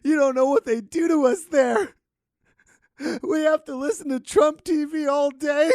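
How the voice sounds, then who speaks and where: A man's voice: steady tone, drawn-out words, dry recording, studio quality, full character voice. A man putting on a melodramatic, frantic young American man who begs for help. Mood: pleading. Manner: shrill, begging, melodramatic.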